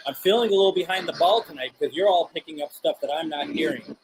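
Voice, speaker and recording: Male host with a somewhat high voice, gently coaxing spirits during a live session, unhurried and hesitant. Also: a little hiss or hum, rough recording. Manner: calm, coaxing questions with frequent hesitations. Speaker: paranormal radio show host.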